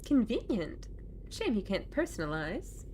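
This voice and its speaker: A woman streaming a game and chatting casually with a co-player, giggly and animated. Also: mid-range voice, measured pace, background noise. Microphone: desk mic with Discord call.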